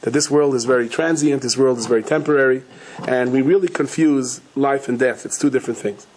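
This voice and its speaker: Man, rabbi, storytelling sermon, animated quoted voices, self-correcting, medium pitch, faint background noise. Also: fairly quick. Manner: frequent restarts and self-corrections. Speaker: rabbi giving a Torah talk.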